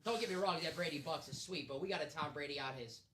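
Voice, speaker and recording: A male co-host chiming in with quiet, casual asides from away from the microphone. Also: on the high side, a crowd in the background. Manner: quiet, quick asides from off mic. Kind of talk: casual banter. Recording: distant from the mic with noise.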